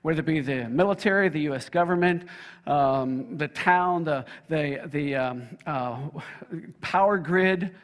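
A man's voice: fairly high pitch, a little slow, long reverb tail. An older man, a pastor, preaching an emphatic sermon and leading his congregation in call-and-response. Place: church sanctuary.

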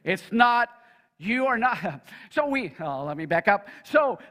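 A man's voice: high voice, very animated, unhurried, sharp tone, big-room sound. An older man, a pastor, preaching an emphatic sermon and leading his congregation in call-and-response. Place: church sanctuary.

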